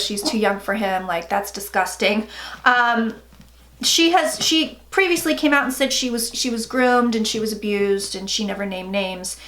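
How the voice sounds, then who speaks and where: A chatty, blunt woman in her forties gives a casual tarot reading, her voice sitting a little high. She swears freely as she talks. The room is echoey, with a faint hiss behind her. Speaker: psychic tarot reader.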